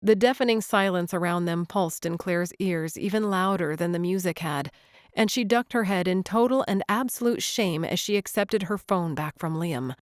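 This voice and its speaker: A woman's voice: lowish voice, moderate pace, no room sound. Woman narrating a romance audiobook, dry. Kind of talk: scripted narration.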